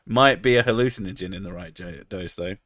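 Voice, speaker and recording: A low-voiced man with a cold, chatting loosely on a live stream. He jokes crudely as he reacts to chat, and the sound is dry and close. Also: a little fast, fairly bright tone, dry recording. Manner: crude, joking, reads out chat. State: has a cold, about to sneeze.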